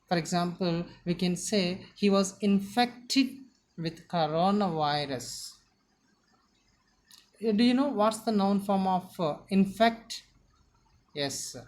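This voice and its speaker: Woman, teacher, slow and deliberate, repeats and stresses syllables. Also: fairly low pitch. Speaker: English teacher. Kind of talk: slow vocabulary lesson.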